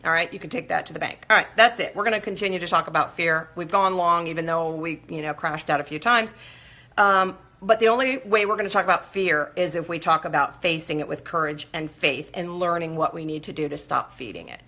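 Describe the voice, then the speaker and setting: A woman's voice: lowish voice, brisk, bright, forceful tone. A woman hosting a live-streamed recovery support talk, coaching viewers in an earnest, direct way.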